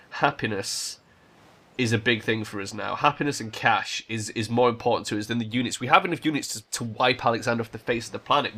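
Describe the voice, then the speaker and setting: A man's voice: medium pitch, pushed and bright. A man hosting a strategy game let's play, casually thinking aloud and swearing now and then. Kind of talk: gameplay commentary.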